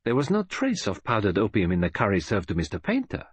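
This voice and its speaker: A man reading a detective novel as an audiobook, narrating in an expressive, measured way. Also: fairly low pitch, husky, dry recording. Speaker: audiobook reader. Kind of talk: scripted narration.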